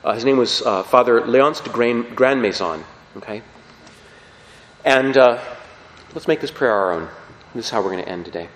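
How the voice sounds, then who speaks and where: A man preaching a sermon with emphatic, animated delivery, often checking in with his listeners. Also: medium pitch, moderate pace. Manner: animated, emphatic, frequent "okay?" check-ins. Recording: roomy hall with long reverb.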